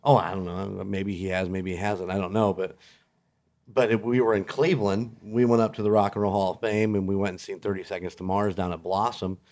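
A man with a low voice, a guest on a podcast. He talks in an easygoing way and laughs often as he tells his stories. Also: level tone, fairly quick, darkish tone. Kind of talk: casual podcast chat.

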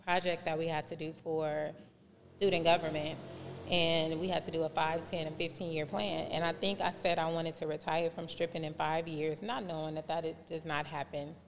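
A woman telling a long personal story in a casual podcast chat, animated and acting out remembered dialogue in different voices. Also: low voice, moderate pace. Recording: reverberant room with faint background noise.

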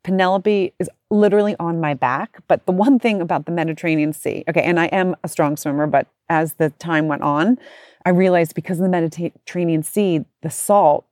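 This is casual storytelling from a woman in her forties whose voice sits on the low side. She talks fairly quickly, lively and chatty, imitating other people's voices, and the sound is close-miked and dry without any echo.

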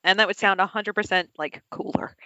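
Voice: medium pitch, a little fast, sharp tone, no echo. A podcast co-host in casual chat, making dry quips and short agreements. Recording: dull lo-fi, dry sound.

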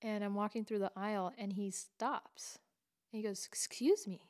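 A woman in casual podcast conversation who tells stories with lively energy and breaks into laughter easily. Her voice sits at a middling pitch. The delivery is chatty and informal. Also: moderate pace, smooth. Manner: animated storyteller who laughs often. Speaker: podcast co-host. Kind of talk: casual chat.

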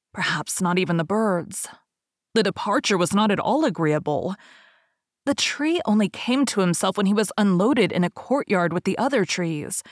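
A woman's voice: medium pitch, dry recording. Woman reading a fairy tale, dry sound. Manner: careful, expressive narration. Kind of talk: storybook reading.

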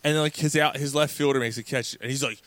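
A man co-hosting a casual sports podcast, telling stories in an animated, profane way with many restarts. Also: mid-range voice, fast talker, no echo. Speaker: podcast co-host.

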